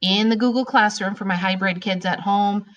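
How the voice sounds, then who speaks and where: A woman with a mid-range voice delivers a recorded grammar lesson at a moderate pace, and the recording sounds muffled. She is animated and emphatic with her students, drawing out key words as she explains.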